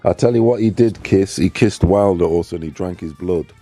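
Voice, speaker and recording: A man's voice: low-pitched, fairly quick, over music. A man with a British accent arguing heatedly on a live stream, aggressive and swearing, repeating threats over and over. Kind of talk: heated argument.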